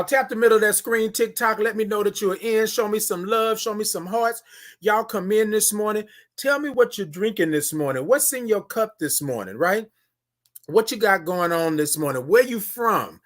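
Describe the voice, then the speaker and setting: A man's voice: high voice, expressive, a bit bright. A man hosting a casual morning livestream, greeting viewers by name and drawing out his good mornings. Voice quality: drawn-out sung greetings. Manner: greets viewers by name, repeats phrases, calls out to chat. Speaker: livestream host. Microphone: phone camera.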